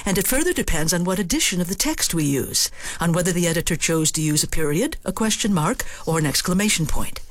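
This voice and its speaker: A woman's voice: lowish voice, animated, fast, dry recording. Wry woman giving a dry-studio radio essay. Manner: thoughtful, wry, trying out many line readings.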